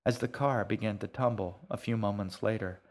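A man reading his own serialized novel aloud, in a quiet, measured storytelling manner. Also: fairly low pitch. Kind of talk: audiobook narration.

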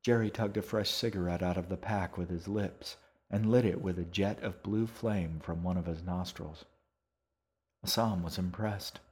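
A man narrating an audiobook in an even, unhurried storytelling manner. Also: sits low. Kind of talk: scripted narration.

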